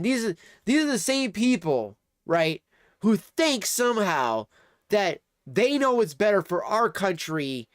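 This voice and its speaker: A man's voice: high voice, no echo. Male streamer, profane sarcastic ranter, dry close sound. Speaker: livestreamer. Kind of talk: angry livestream commentary. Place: home streaming setup.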